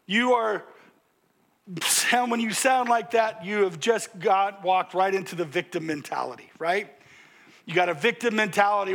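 An older male pastor preaching a sermon, joking and animated, calling out to the congregation and now and then breaking into loud exclamations. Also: sits high, moderate pace, gravelly.

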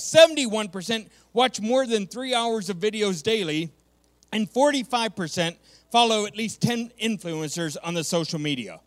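A man with a notably high voice preaches to his congregation in a conversational, emphatic way. He repeats his main points for effect and keeps checking in with his listeners. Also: expressive, normal speed. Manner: conversational preaching with frequent "okay". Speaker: pastor. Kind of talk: sermon.

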